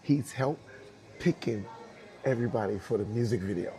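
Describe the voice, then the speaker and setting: A man's voice: mid-range voice, normal speed, long pauses. A man telling a story from his dance career in a casual interview, acting out the voices of people in it and laughing often. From New York. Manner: animated, acts out dialogue, laughs often.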